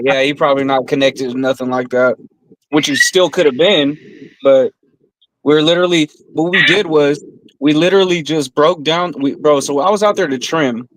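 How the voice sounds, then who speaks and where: Swearing storyteller man, slightly high voice. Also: no room sound, low-quality recording. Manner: profane, storytelling, says bro often. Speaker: podcast co-host. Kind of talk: casual chat.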